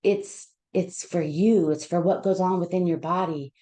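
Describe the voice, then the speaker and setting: A counselor sharing a personal story with listeners, emotional and near tears, talking in a heartfelt, halting way with many restarts. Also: female voice, on the low side, steady tone, warm tone.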